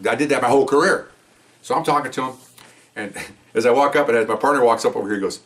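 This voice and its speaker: An older retired cop tells a story at a brisk clip, acting out each moment as he talks. He sounds a bit away from the mic, with some room around his voice. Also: medium pitch, distant mic. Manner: animated, acts out the scene with gestures. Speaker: retired police officer. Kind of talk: telling a personal story.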